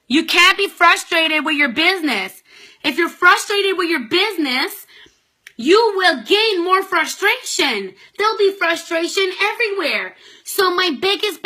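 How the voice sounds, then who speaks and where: A Canadian woman with a very high, bright voice speaks unhurriedly but forcefully, her intonation lively. She's a direct sales consultant vlogging casual, motivational business advice in a bubbly, chatty style, acting out her conversations with other people.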